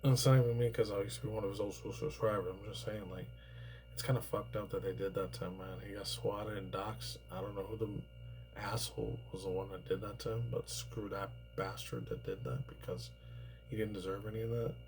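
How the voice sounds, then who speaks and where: A man's voice: lowish voice, fairly even intonation, brisk, background noise. A man in his thirties from New York, rambling through casual commentary, swearing freely and padding his talk with fillers. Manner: rambling, profane, heavy on fillers. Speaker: YouTuber reacting to news.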